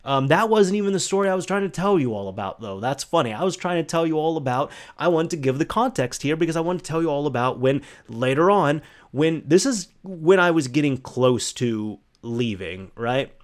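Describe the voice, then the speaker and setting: A man's voice: fairly high pitch, expressive, a little fast, few pauses. A man hosting a solo podcast, telling a casual story full of "like" and restarts. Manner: chatty, full of "like" and restarts, acts out quoted voices. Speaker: podcast host.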